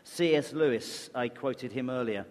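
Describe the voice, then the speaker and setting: A man's voice: medium pitch, a little slow. A man preaching a conversational sermon, often asking his listeners questions. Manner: conversational, asks the congregation questions. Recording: long reverb of a large hall.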